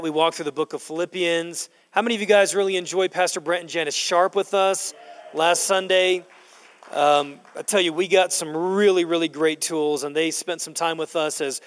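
Casting note: middle-aged male pastor, high-pitched voice, passionate preaching that swells to loud emphasis, long church reverb. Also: smooth. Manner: slows down to stress key words, building to loud emphasis. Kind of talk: sermon. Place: church sanctuary.

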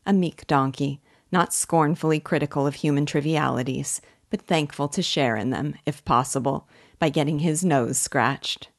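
A woman reading a classic novel aloud in a measured, expressive way as a literature teacher. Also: sits low, gravelly.

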